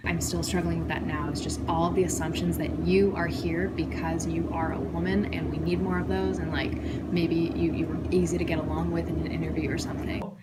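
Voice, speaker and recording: A young woman in her twenties with a lowish voice speaks in a measured, reflective way. Loud background noise runs under her words. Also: little pitch movement. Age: 20s. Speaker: engineering student. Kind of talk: interview answers.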